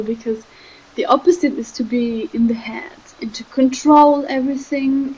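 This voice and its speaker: A young woman, giving a gentle, halting spiritual talk that often trails off softly. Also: fairly high pitch, slightly rough, muffled recording. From Switzerland. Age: 20s. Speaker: spiritual speaker.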